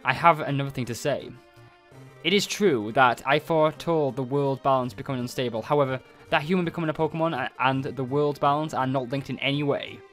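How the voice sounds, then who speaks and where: A man reading game dialogue aloud as an ancient, solemn nine-tailed fox spirit, slow and formal with archaic phrasing. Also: mid-range voice, fairly bright tone, soft background music, natural voice.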